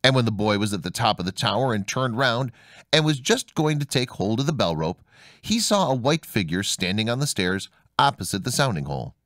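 A man reading a fairy tale aloud in a measured, expressive way as storyteller. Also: medium pitch, no room sound, clean studio sound. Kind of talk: scripted fairy-tale narration.

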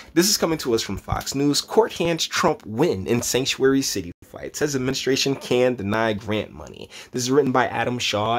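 A young man giving casual, animated commentary on news articles, reading passages aloud and reacting. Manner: animated, jumps into high mocking voices when quoting. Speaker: commentary vlogger.

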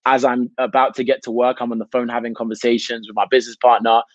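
A British man, an actor, talking through his craft at length in a relaxed interview, with frequent "you know" fillers. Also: mid-range voice, fast, no room sound, muffled recording. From United Kingdom. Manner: expansive, reflective, many "you know" fillers. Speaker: actor, guest. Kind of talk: casual interview chat.

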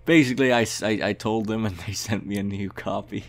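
A man's voice: lowish voice, fairly quick, gravelly. A young man giving comedic, mock-arrogant gameplay commentary, brash and swearing often. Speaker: gaming youtuber.

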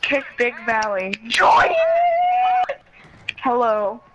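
A woman's voice: a little high, normal speed, very noisy. A woman streaming a video game, rambling through a story about chat messages and giggling often. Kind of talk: casual gaming stream chat.

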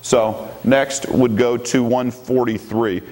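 A man's voice: mid-range voice, fairly even intonation, slow pace, a little mellow, faint music behind. A man giving a debate rebuttal, who argues emphatically, repeats his key points and calls for the next slide.

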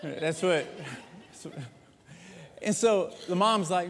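A man preaching a sermon as pastor, telling stories lively and joking with the congregation. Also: high-pitched, slow pace, long pauses. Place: large church sanctuary. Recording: echoey church hall.

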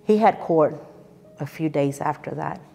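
A woman in her fifties tells her personal testimony in an earnest, emotional way, circling back and repeating phrases for emphasis. Her voice sits a little low. It rings with long hall reverb, with soft music underneath. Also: a little slow, vocal fry. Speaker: church speaker sharing her testimony.

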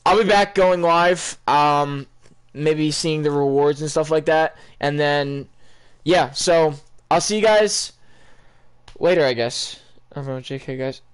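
A gaming YouTuber, a young man, gives casual commentary over his gameplay, wandering from thought to thought and putting questions to his viewers. His smooth, clear voice is a little high for a man, and he speaks at a measured pace in relaxed, unscripted chat.

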